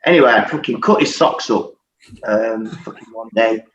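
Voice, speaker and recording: A man's voice: fairly low pitch, normal speed, fairly bright tone. A man in his forties, a former footballer and podcast guest, telling stories in a casual chat, swearing constantly and laughing through his anecdotes. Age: 40s. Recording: roomy, muffled recording with faint hiss.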